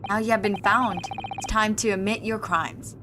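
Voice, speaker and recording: A woman voicing a gruff male captor from a mystery game, reading his lines slowly and with menace. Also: mid-range voice, fairly even intonation, noisy background, natural voice. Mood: taunting. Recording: streamed voice over loud game music.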